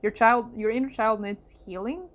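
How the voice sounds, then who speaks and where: A woman's voice: a little high, normal speed. Emotional woman giving a card reading. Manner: emotional, fillers and exclamations, voice softening to hushed asides. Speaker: psychic tarot reader. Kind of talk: casual spoken card reading.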